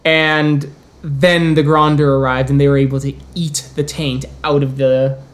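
A man narrating as storyteller of a tabletop role-playing game, voicing its characters in turn with halting restarts. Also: a little high, flat delivery. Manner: plays many characters in quick turns, with halting restarts.

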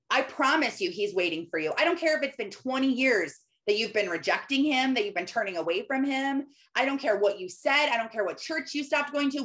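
A woman's voice: on the high side, fairly bright tone. Earnest woman in a heartfelt faith talk. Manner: earnest, conversational, acts out little quoted voices. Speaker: Christian business owner sharing faith. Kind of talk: personal faith talk to followers.

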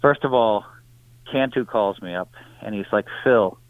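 A man calling in as a guest, telling stories in an animated way with bursts of laughter. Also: fairly low pitch, measured pace, no echo. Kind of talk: phone interview. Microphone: phone. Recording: tinny dry phone line.

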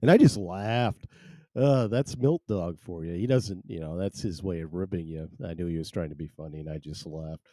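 A man's voice: deep voice, normal speed, dark tone, no room sound, studio quality. A man hosting a casual live podcast from home, rambling and self-deprecating as he chats. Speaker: podcast host. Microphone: headphones and desk mic.

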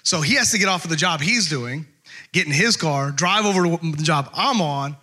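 A man preaching a casual, conversational sermon, telling a personal story with lots of fillers and animated asides. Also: fairly high pitch, moderate pace. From California. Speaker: pastor.

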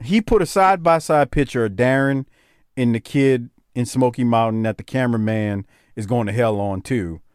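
A man, co-hosting a casual chat, excitable and prone to stammering repeats. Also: moderate pace, clear, resonant tone, no echo, clean studio sound. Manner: excitable, repeats himself, slips into a high mocking voice when quoting. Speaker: podcast co-host.

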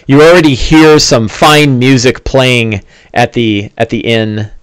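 A man's voice: medium pitch, fairly even intonation, unhurried, smooth, no echo. Easygoing man narrating as game master. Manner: easygoing, with many "uh"s.

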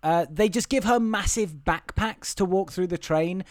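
A man's voice: sits high, normal speed, no echo, studio quality. A man co-hosting a podcast, recapping a film in casual chat with wry, opinionated asides. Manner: wry and opinionated, with frequent restarts. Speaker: podcast co-host.

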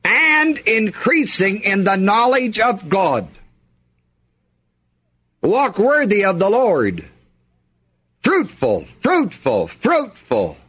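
A man's voice: high-pitched, sing-song, slow pace, long pauses, sharp tone, slightly rough. A man preaching a sermon, reading scripture aloud and asking the congregation to fill in the missing words.

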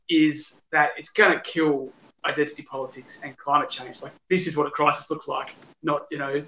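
A man's voice: on the high side, sharp tone, slight background noise. A man co-hosting a podcast, giving blunt, opinionated takes in casual banter. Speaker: podcast co-host. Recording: roomy echo.

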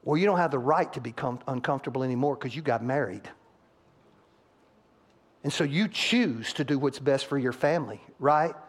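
A man's voice: mid-range voice, normal speed. A male pastor preaching a sermon in a church and acting out quotes from couples to make his points. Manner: animated, acts out couples' quotes, rising loud on punchlines. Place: church sanctuary.

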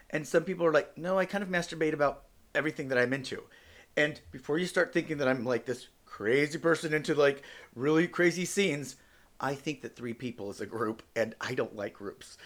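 This man hosts a solo podcast in English, which isn't his first language. His medium-pitched voice is a bit bright, and he talks bluntly, cursing plenty in a joking way.

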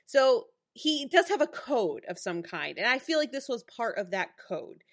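Laughing, animated podcast woman. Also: on the high side, moderate pace. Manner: animated, laughs often, acts out characters' lines. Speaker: podcast co-host. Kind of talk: casual chat recapping a TV episode.

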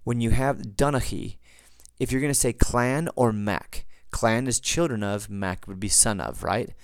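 A man's voice: medium pitch, steady tone, a little slow, smooth, no room sound. A man hosting a podcast, explaining things in a chatty, digressive, teacherly way. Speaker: podcast host. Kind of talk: casual explanatory podcast talk.

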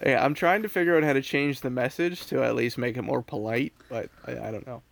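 Gravelly man, dry jokes. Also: medium pitch, brisk. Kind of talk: casual chat.

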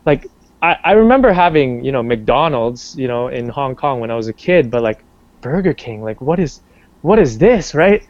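In a dry, lo-fi recording, a young Canadian man with a mid-range voice talks at normal speed in an interview. He rambles casually, restarting often and leaning on fillers, turning animated when he quotes.

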